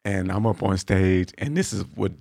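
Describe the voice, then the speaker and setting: A man's voice: deep voice, moderate pace, creaky, darkish tone, no room sound, studio quality. A man who is a comedian, telling stories on a podcast with frequent laughs and swearing. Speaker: comedian guest. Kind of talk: casual podcast chat.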